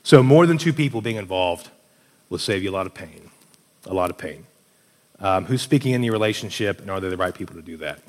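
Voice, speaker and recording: Lively storytelling man in a reverberant room. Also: sits low, brisk. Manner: animated storyteller, acts out quoted voices. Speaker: co-host giving relationship advice. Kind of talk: casual advice talk with stories. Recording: long hall reverb.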